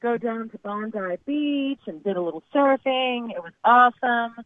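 A woman's voice: a little high, moderate pace, no echo. A young adult woman calling in to a show, telling a rambling story with lots of fillers over the phone. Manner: chatty, rambling with many fillers. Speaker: caller. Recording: tinny phone line.

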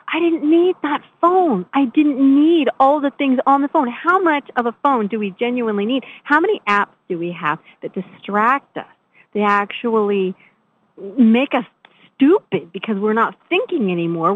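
A woman host telling a personal story in a chatty, animated way, often restarting her sentences. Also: fairly high pitch. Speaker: show host. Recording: tinny phone-line sound.

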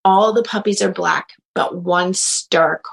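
A woman who works as a medium and animal communicator, telling a story in a casual interview and acting out the quotes with big jumps in pitch. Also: fairly even intonation, slow pace, gravelly, rough recording.

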